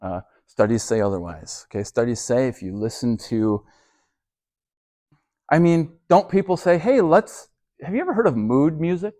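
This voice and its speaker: A man's voice: medium pitch, lively intonation, moderate pace, mellow, no echo, clean studio sound. A man teaching a youth group as their pastor. He talks in a conversational way, keeps asking "okay?" and often restarts and repeats his words.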